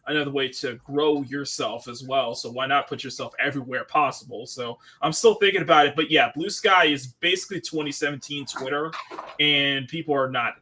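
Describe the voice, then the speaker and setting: A man's voice: mid-range voice, fairly quick, pushed and bright, slight background noise. A man hosting a casual livestream chat, laughing often and reading out chat messages. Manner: chatty, laughs often, reads chat aloud. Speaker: livestream host.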